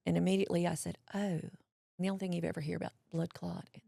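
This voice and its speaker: A woman, telling a personal story as an interview guest, folksy and animated, acting out what others said. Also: fairly low pitch, fast talker, gravelly, no echo, studio quality. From Mississippi, US.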